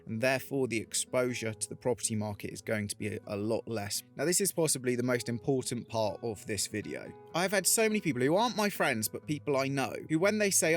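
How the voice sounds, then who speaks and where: A man's voice: medium pitch, sing-song, fast, hardly any pauses, a bit bright, faint music behind. A man vlogging in an earnest, motivational way, telling stories and giving advice. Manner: earnest, motivational, retells a parable. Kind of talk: reflective talking-head storytelling.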